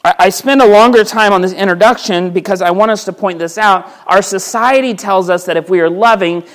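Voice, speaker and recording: Man, high voice, pastor, sermon, conversational, rhetorical questions, repeats words. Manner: repeats words when restarting phrases. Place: church sanctuary.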